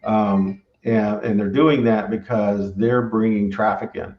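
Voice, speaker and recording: A man's voice: lowish voice, fairly even intonation, unhurried. Middle-aged man rambling with tag questions. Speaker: barbecue restaurant owner and former engineer. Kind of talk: casual conversational storytelling. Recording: roomy, dull recording.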